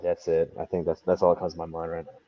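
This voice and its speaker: A young man, a wrestler guest, telling stories casually and animatedly, laughing often and acting out others' lines in a high voice. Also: completely flat delivery, fast, no echo. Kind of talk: casual storytelling. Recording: dull lo-fi podcast audio.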